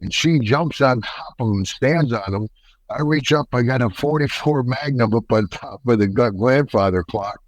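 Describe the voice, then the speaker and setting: An older American man, a retired wrestler, telling a story in a folksy, animated way and acting out the quotes. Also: medium pitch, moderate pace, no room sound, poor audio. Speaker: podcast guest, retired wrestler. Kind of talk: casual storytelling interview.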